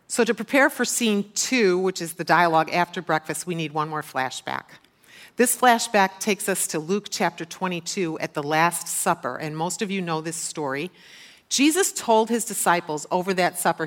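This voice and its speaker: A woman preacher giving a sermon, retelling a scripture story and asking the listeners questions. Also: fairly low pitch.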